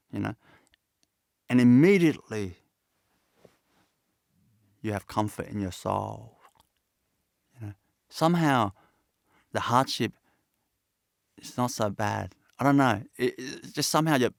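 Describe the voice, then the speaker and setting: A man giving a satsang talk as a spiritual teacher, speaking in a halting, reflective and earnest way with many pauses and restarts. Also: mid-range voice, gravelly, no room sound, studio quality.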